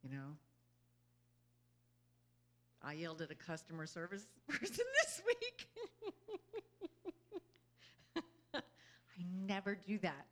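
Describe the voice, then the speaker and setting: A woman with a bright, forceful voice gives an inspirational talk to a group. She speaks earnestly and conversationally, keeps checking in with her listeners, and laughs easily between thoughts. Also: lowish voice, wildly swooping pitch, slow pace, pauses often. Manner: earnest and conversational, often asking "you know?". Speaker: spiritual speaker.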